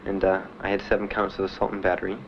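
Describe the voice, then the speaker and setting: An older man recounting his past in a halting interview, with many pauses and fillers. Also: low-pitched, completely flat delivery, gravelly, muffled recording, background noise. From Miami. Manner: plain, halting storytelling with many "uh"s and "you know"s. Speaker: Vietnam veteran interviewee. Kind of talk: personal recollection in an interview.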